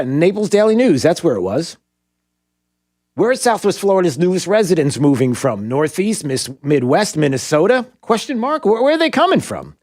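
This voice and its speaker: A man's voice: a little high, darkish tone, no room sound. A man hosting a talk radio show in a studio, talking casually and rambling with lots of fillers and restarts.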